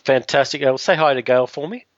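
Male podcast host, casual and rambling, heavy on the ums, mid-pitched, close dry mic. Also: a little fast, no room sound, lo-fi sound. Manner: rambling, filler-heavy, self-correcting.

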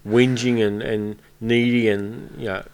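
A man's voice: medium pitch, fairly even intonation, measured pace, creaky, a little mellow, clear, resonant tone. A man hosting a podcast in casual film chat, blunt and opinionated, swearing freely as he argues. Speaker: podcast host.

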